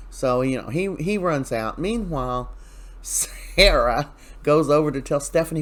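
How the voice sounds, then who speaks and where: A man's voice: medium pitch, expressive, normal speed. A man hosting a casual soap opera recap, chatty and opinionated, retelling scenes with loose asides.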